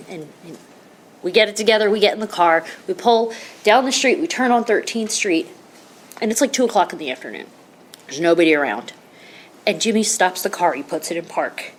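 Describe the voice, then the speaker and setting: A woman's voice: on the low side, expressive, fairly quick, a bit bright, a little hiss or hum. Heartfelt rambling woman. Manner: heartfelt, rambling with many restarts and "you know". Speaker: recovery meeting speaker. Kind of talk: personal recovery story.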